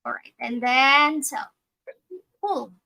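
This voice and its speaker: A woman guides viewers through a trading chart in a high, bright voice. She talks slowly and methodically, thinking aloud and correcting herself as she goes. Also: fairly even intonation, gravelly, rough recording. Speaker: trading educator. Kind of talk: live trading walkthrough.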